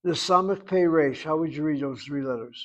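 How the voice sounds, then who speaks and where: Male teacher, slightly high pitch; patient, long-winded explainer who keeps posing questions to the class. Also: a little fast, poor audio. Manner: patient, explains at length, asks rhetorical questions. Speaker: Hebrew instructor. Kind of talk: online language class.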